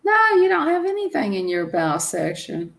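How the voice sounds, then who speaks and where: Southern lady hosting a live stream, chatty and giggly, mid-pitched voice. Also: big pitch swings, normal speed, gravelly, poor audio. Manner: chatty, giggly, reads viewers' comments aloud. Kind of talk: casual live stream chat.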